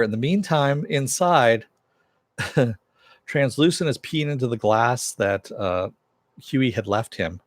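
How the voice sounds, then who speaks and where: A man's voice: mid-range voice, expressive, normal speed, no echo, studio quality. A man casually recapping a TV episode, loosely retelling the dialogue with many "uh" fillers. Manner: loose storytelling, paraphrases dialogue with "he goes"; frequent "uh" fillers. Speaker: TV show reviewer.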